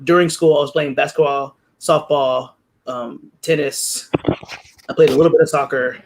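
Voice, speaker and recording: A woman from Texas chatting casually on a group video call, telling animated sports stories and swearing freely. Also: low voice, moderate pace, background noise. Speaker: writing sprint participant. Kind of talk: casual chat.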